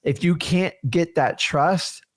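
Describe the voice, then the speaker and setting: A man's voice: on the high side, slow. A man co-hosting a casual chat, talking in an emphatic, coach-like way straight to the viewers. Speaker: co-host.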